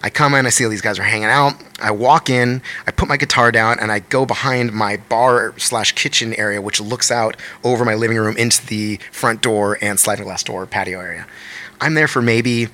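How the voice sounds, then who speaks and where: A man, a musician, telling a story in a fast, animated podcast chat, with lots of swearing. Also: fairly low pitch. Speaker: guest musician.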